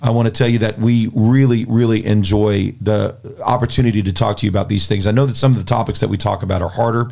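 Gravelly earnest man hosting a faith podcast. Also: on the low side, fairly even intonation, quick pace, hardly any pauses, a little mellow. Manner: earnest and plainspoken, often restarting words. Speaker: Christian podcast host. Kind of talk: casual spoken storytelling and talk. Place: podcast studio.

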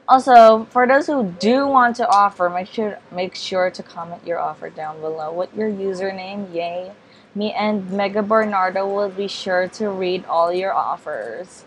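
Slow, hesitant young woman vlogging. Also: medium pitch, a little hiss or hum. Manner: hesitant and rambling, many ums and self-corrections; apologetic, repeats polite refusals. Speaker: gaming vlogger. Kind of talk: casual game commentary.

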